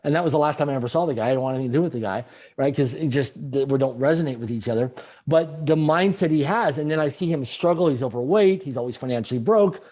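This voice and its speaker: A middle-aged man telling stories as an interview guest, animated and repeating phrases for emphasis. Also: mid-range voice, quick pace. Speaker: guest speaker. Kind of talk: storytelling in a conversational interview.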